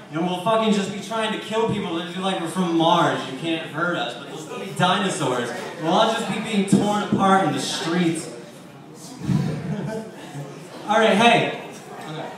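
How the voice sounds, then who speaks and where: A man doing a stand-up set at a bar, rambling and swearing, with self-deprecating asides. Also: high voice. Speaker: stand-up comic. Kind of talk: stand-up set at an open mic. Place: bar stage before a live audience. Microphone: handheld stage microphone, caught by a distant camera. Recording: echoey bar room from far off.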